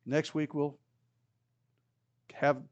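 Lively conversational male Bible teacher. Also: very slow, muffled recording. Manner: conversational, acts out quoted voices with rising pitch. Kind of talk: Bible study lesson.

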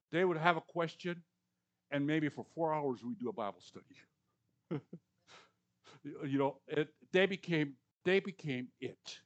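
A man in his sixties preaching a conversational sermon, repeating words for emphasis and swinging between loud and hushed lines. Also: on the high side. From Canadian or US prairies. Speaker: pastor.

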